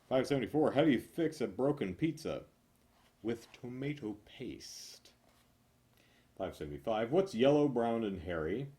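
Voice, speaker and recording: Man, lowish voice, reads joke after joke, swings his pitch wide, stretches the punchlines. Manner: animated, punchy joke delivery with drawn-out punchlines. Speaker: host reading jokes. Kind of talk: reading jokes aloud from a book.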